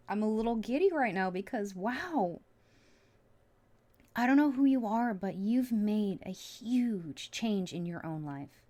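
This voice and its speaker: Excitable woman giving a tarot reading. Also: mid-range voice. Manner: excitable, emotional, often trails off and restarts. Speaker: tarot reader. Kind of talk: casual tarot reading to viewers.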